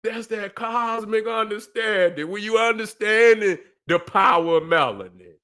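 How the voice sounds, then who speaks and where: A man's voice: high-pitched, a little slow, pushed and bright. A man hosting a livestream, lecturing in a preachy way, profane and emphatic, always checking that listeners follow him. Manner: profane, emphatic, constantly asks "you see what I'm saying". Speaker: livestream host.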